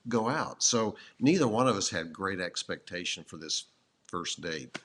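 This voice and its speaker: A man's voice: low voice, animated, a little slow, a bit bright, slightly rough. A middle-aged man telling his side of a shared love story in an easygoing, wry manner. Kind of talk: relaxed personal storytelling.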